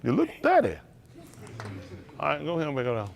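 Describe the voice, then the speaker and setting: A middle-aged preacher, his voice sitting a bit high and swinging widely as he talks. He keeps calling out to the congregation and breaks into teasing asides with the kids. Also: huge pitch swings, brisk, creaky, dull audio. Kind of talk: sermon.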